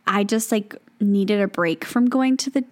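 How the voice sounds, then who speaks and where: A woman's voice: medium pitch, unhurried. Chatty young woman on a podcast. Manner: chatty, filler-heavy, lots of "like" and "um". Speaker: podcast co-host. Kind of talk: casual chat.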